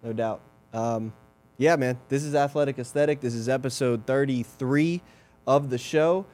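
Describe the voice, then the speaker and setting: Male podcast co-host, mid-range voice, relaxed and upbeat, faint music bed. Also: medium pitch, normal speed. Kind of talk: casual show intro.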